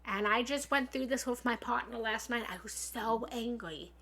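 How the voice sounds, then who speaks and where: A woman's voice: fairly high pitch, normal speed, a bit bright. A woman giving an earnest, encouraging live-stream self-help talk as a spiritual love coach, speaking frankly and repeating affirmations from her home office. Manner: frank, occasionally swears. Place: home office and meditation room.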